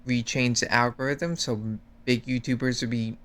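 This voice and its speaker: A man with a mid-range voice rants earnestly as a guest. He complains at length, steady and conversational. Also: mid-range voice, normal speed. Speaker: guest YouTuber. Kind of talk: casual chat.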